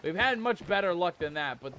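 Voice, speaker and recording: A man streaming a pirate game, commenting live in an excitable, panicky way and peppering his talk with pirate slang. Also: high voice, a little fast. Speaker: gaming streamer. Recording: game sounds and ocean noise behind. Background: ship and water game audio.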